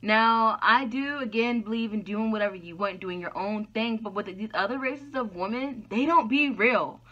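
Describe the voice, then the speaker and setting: A YouTuber speaks frankly to camera in an opinion vlog, her voice a little high and sharp at a moderate pace. She poses rhetorical questions and answers them herself, recorded with dull lo-fi sound.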